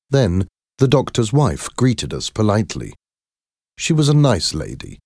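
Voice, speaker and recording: A man reading a first-person story aloud in a slow, measured, clear way. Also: low-pitched, dry recording, clean studio sound. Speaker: narrator.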